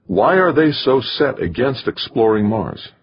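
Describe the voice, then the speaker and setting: A man's voice: medium pitch, sing-song, measured pace, breathy edge, pitched above the performer's own voice. A man voicing a shaken, angry male scientist who leads a Mars program, speaking bluntly and bitterly. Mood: indignant. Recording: muffled lo-fi recording.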